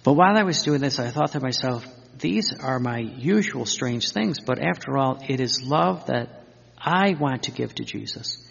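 A man's voice: mid-range voice, expressive, moderate pace, vocal fry, a bit bright, slight background noise. A man preaching an earnest Catholic-style sermon, repeating himself, restarting phrases and building long fervent lists. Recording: dull lo-fi sound with long hall reverb.

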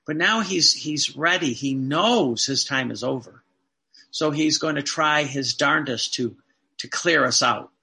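A man's voice: fairly high pitch, measured pace, sharp tone. A man, a Catholic priest, preaching a sermon earnestly, repeating phrases and asking the listeners rhetorical questions.

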